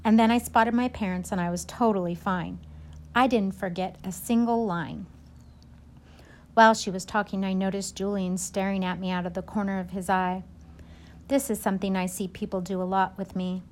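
Woman narrating a storybook, gentle. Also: mid-range voice, normal speed, a little hiss or hum. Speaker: audiobook narrator. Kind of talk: first-person storybook reading.

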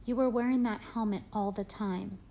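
A woman reading an audiobook, voicing an affectionate father who talks to his son gently and jokingly. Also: mid-range voice, steady tone, moderate pace, a little hiss or hum, natural voice. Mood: tender. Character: fond, gently teasing father of a boy. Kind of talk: audiobook character voice.

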